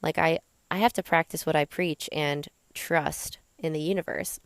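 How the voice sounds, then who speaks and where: A woman's voice: deep voice, steady tone, normal speed, gravelly, clear, resonant tone, dry recording. A young woman hosting a podcast, telling her personal story in a candid, chatty way full of fillers. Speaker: podcast host.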